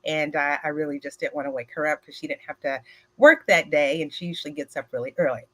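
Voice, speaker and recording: At a retreat, a woman tells a personal story animatedly, addressing the audience directly and using lots of filler words. She speaks fast in a low-pitched voice.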